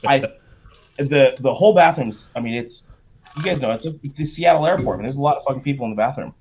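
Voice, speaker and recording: A man's voice: mid-range voice, quick pace, a little hiss or hum. Profane man telling a wild story. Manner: profane, animated anecdote with shouted quotes. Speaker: podcast guest. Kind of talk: casual storytelling.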